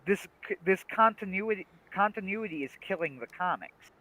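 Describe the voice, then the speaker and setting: Bright-voiced man ranting on a livestream. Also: sits high, animated, moderate pace, rough recording. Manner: opinionated, emphatic ranting. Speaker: livestream co-host. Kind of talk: casual chat.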